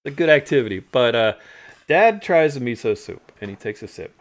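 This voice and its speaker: A man's voice: medium pitch, big pitch swings, a little fast. An American man telling a travel story to his co-host in casual chat, laughing often and acting out his dad's complaints. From United States.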